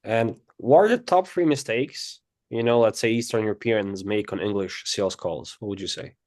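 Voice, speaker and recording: A male interviewer with a fairly low voice poses short, open questions to his guest. His voice sounds close and dry, with no room echo. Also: normal speed, darkish tone.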